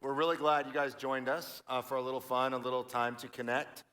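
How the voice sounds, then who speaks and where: A man with an average-pitched voice wraps up a church show in a friendly, relaxed way. He talks loosely, with plenty of uh and um. He speaks from a large, empty church auditorium. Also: fast. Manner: relaxed, friendly, uses fillers like uh and um. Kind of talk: casual chat and sign-off.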